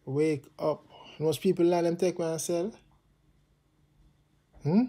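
Jamaican male vlogger, fiery patois rant, very dark tone, slightly high pitch. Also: steady tone, measured pace. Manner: impassioned, repetitive, patois-heavy. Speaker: channel host. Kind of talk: casual political rant to camera.

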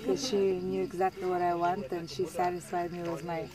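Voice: medium pitch, level tone, normal speed, a crowd in the background. Someone chatting casually and playfully, gushing while eating with friends outdoors. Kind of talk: casual chat.

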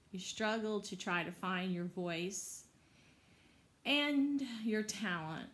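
A woman talking in a rambling personal monologue at home, earnest and halting, often repeating words and restarting her phrases, recorded on a tablet. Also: medium pitch. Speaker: vlogger. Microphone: tablet device.

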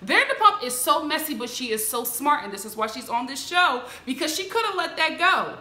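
Female commentator, animated and chatty, fairly high bright voice, roomy echo. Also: brisk. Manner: animated, mimics the people she recaps in a higher voice. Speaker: show recap host. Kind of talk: casual commentary.

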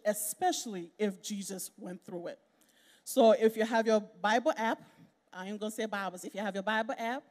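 Woman preacher, conversational sermon, animated, medium pitch, long hall reverb. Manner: conversational, animated, laughs with the congregation. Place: church sanctuary.

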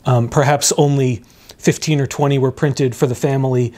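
A man's voice: medium pitch, fairly even intonation, moderate pace, a little mellow. Hesitant man explaining rare book selling. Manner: hesitant, many fillers and restarts, explanatory. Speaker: rare book dealer, guest. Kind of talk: conversational interview.

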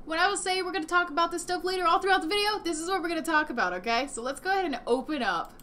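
A woman giving casual reaction commentary from home, indignant and animated, swearing often. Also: extremely high pitch, very fast, slight background noise. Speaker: commentary vlogger. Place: home room with desk and a dog nearby.

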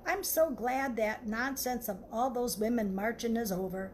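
A woman's voice: fairly high pitch, normal speed, a little mellow, slight background noise, natural voice. A woman reading as a chatty newlywed. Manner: chatty, rambling to herself.

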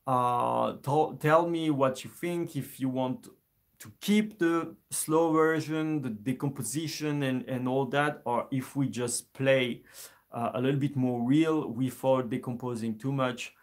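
Gravelly-voiced man teaching a live lesson. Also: medium pitch, unhurried. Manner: relaxed, hesitant, many restarts and fillers, chuckles. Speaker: music teacher. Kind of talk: live-streamed instrument lesson.

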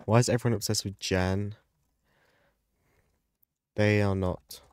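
An excitable man chats through a gameplay session, with plenty of gasps and yelps. He talks at an unhurried pace, and his voice sounds close and dry with no room echo. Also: fairly low pitch, clear, resonant tone. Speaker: gaming YouTuber. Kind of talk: casual gameplay commentary.

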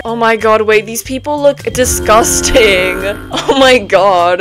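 A young woman with a high, bright-pitched voice talks through an online game in a loose, chatty way. She jumps from easy chatter to panicked shrieks. Game music plays under her voice. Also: measured pace, few pauses. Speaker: gaming streamer. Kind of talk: casual gameplay commentary.

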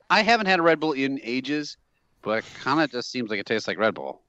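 Lively joking podcast man. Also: mid-range voice, unhurried, no room sound, dull audio. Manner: jokey, crude, laughs often. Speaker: podcast co-host. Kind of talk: casual chat.

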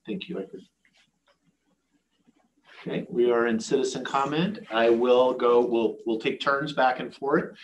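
A man chairing a county board meeting, running procedure in a halting way with fillers. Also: medium pitch, fairly even intonation. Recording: echoey meeting room, faint room noise.

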